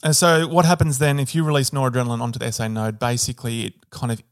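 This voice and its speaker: A man's voice: mid-range voice, fast. A man co-hosting an educational podcast, casually explaining heart physiology and hedging on details. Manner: relaxed explainer, hedges on details. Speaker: podcast co-host.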